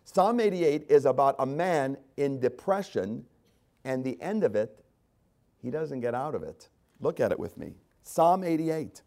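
A man's voice: lively intonation, unhurried. An older man preaching a sermon, reading scripture aloud and speaking with dramatic rises and drops in emphasis. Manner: reads scripture aloud with dramatic swings in pitch and loudness. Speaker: pastor.

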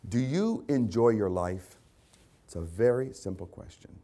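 A man's voice: fairly low pitch, animated, a little slow, mellow. Male pastor with emphatic repeated questions. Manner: repetitive rhetorical questions, emphatic. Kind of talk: sermon.

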